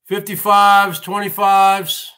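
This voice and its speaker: A man's voice: high voice, completely flat delivery, takes it slowly, bright, forceful tone, clean tone. A man hosting a livestream, ranting in a rambling, repetitive monologue and often addressing his viewers as folks. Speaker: livestream host.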